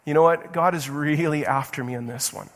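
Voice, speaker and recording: Guy pastor preaching in a church, fired up, high voice, stumbles on his words, long echo from the hall. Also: a little fast, fairly bright tone. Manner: impassioned preaching, urgent questions to the congregation; stumbling restarts and repeated words. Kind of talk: sermon. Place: church sanctuary. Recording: long reverb of a large hall.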